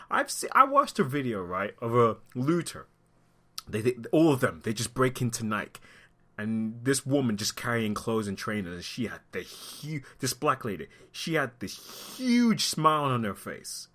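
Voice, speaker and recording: A man speaking his mind into the camera in a vlog, heated and openly upset. His pitch swings widely, leaping up in sarcastic outbursts and sinking low when he pulls back. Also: big pitch swings, unhurried, a bit bright. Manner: talks through being upset, voice dropping low at times. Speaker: vlogger. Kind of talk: impassioned opinion commentary.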